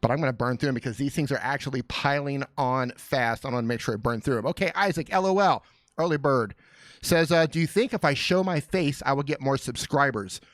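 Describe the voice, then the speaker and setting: A man hosting a casual live question-and-answer stream from a small studio, joking and greeting viewers by name in an excited, fired-up way. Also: medium pitch, brisk, no room sound.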